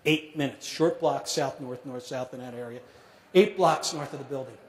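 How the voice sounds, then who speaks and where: Middle-aged man telling a dramatic story. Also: medium pitch. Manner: measured, dramatic pauses, drops to a hush at grave moments. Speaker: speaker telling a survivor story. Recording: echoey hall.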